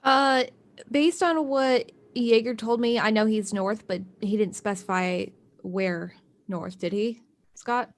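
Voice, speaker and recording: A woman playing in a tabletop game, chatting in an easygoing way with quick replies. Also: on the high side. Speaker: player. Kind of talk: casual chat during a tabletop game.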